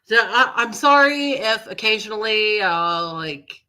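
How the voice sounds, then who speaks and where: A woman's voice: medium pitch, expressive, unhurried, pushed and bright, clear, resonant tone. A woman live streamer with a nasal voice, getting over a cold, chatting in a gossipy, rambling way with apologetic asides. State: recovering from a cold, sniffly. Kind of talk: casual live-stream chat.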